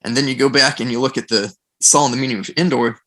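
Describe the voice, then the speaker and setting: A man with a bright, forward voice talks in a casual podcast discussion. He retells stories with animation and slips into quick character voices for quoted lines. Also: medium pitch, fairly even intonation. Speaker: podcast guest.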